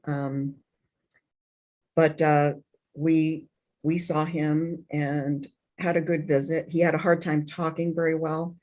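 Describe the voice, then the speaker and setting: A middle-aged woman, an interview guest, telling a painful personal story in an emotional, halting way, with many restarts and fillers. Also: deep voice, darkish tone.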